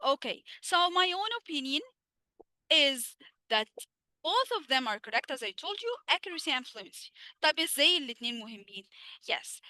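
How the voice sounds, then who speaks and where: A woman with an Egyptian accent, a native Arabic speaker, teaching a live online English lesson. She asks questions and answers them herself, says her English slowly and her Arabic asides fast. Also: high voice, big pitch swings, bright, forceful tone, no echo.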